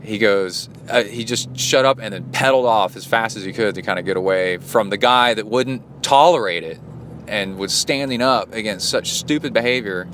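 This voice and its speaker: A man's voice: lowish voice, normal speed, fairly bright tone, slight background noise. A man hosting a podcast as a coach, telling a story in a rambling, indignant way with many fillers. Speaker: podcast host and endurance coach. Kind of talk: casual storytelling monologue.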